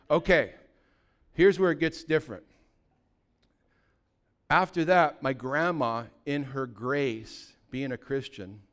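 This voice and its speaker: A man in his fifties from California, a pastor telling a personal story in a lively, anecdotal way, with sudden loud bursts. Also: mid-range voice, clear, resonant tone. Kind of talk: sermon storytelling.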